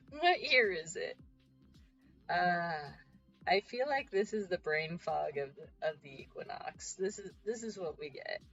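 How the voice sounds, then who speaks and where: A woman's voice: fairly low pitch, expressive, slow pace, pauses often, fairly bright tone, husky, dull audio, faint music behind. A woman chatting casually on a livestream while she paints, giggly and self-mocking. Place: home.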